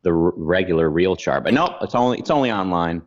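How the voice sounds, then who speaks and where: A comedian guest talking casually on a podcast, quick and joking, often trailing off mid-sentence. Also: male voice, deep voice, animated, crowd noise. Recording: slightly dull lo-fi sound.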